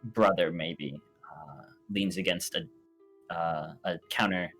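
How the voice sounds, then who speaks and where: A man's voice: low voice, slow, fairly bright tone, faint music behind. A man running a tabletop game as game master, describing scenes with frequent fillers.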